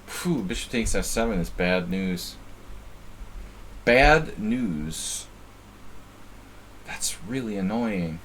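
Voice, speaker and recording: A man's voice: deep voice, moderate pace, few pauses, a little hiss or hum. A man from New Jersey giving casual live-stream chess commentary, thinking aloud and often repeating words as he muses. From New Jersey, USA.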